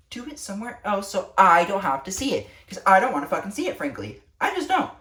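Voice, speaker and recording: A woman's voice: medium pitch, big pitch swings, quick pace, few pauses, fairly bright tone. A teenage girl vlogging, ranting to camera with lots of swearing and exasperation. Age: teens. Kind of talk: casual rant to camera. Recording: echoey room, distant mic.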